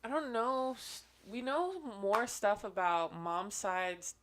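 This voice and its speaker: A woman's voice: medium pitch, animated, slow pace, fairly bright tone, a little hiss or hum. A woman guest chatting casually with her brother, talkative and often trailing off mid-sentence. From Los Angeles area. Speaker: guest, host's sister. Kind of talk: casual chat.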